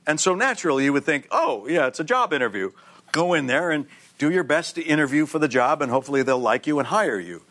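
A middle-aged man, a guest actor on a TV talk show, telling anecdotes in a lively way, acting out voices and laughing often. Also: a little high, quick pace.

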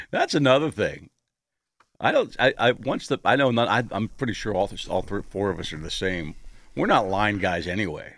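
A man's voice: fairly low pitch, lively intonation, moderate pace, a bit bright, no room sound. A man hosting casual radio banter, rambling and crude, laughing often.

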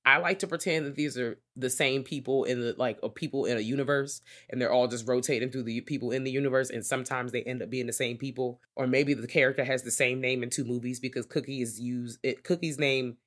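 A woman co-hosting a podcast in casual film chat, rambling and swearing freely. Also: very deep voice. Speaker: podcast co-host.

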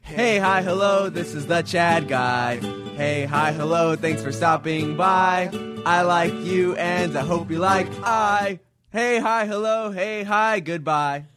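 Man, singing a jingle, slow, guitar clearly behind. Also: high-pitched. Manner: sung jingle. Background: guitar music.

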